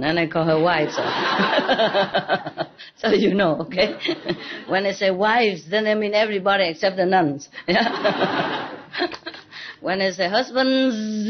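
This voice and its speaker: A woman's voice: on the low side, slight background noise. A woman spiritual teacher giving an informal dharma talk to a gathering, playful and teasing, often laughing. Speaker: spiritual teacher addressing disciples. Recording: dull lo-fi recording.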